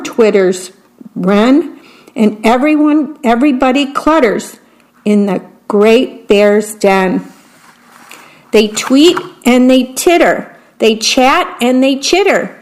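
A woman reads picture books aloud slowly and gently, pausing to describe what is on each page. Her voice sits a little high for a woman. Her delivery is unhurried. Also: poor audio. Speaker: storybook reader.

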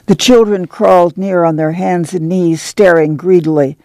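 A woman narrating a novel in a steady audiobook reading. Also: lowish voice, moderate pace, no room sound.

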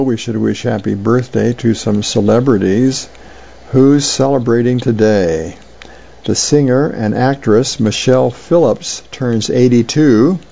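A male host reading comic strips aloud, slow and unhurried, with plenty of ums and uhs. His voice is gravelly and mellow. The recording is dull and lo-fi. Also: medium pitch.

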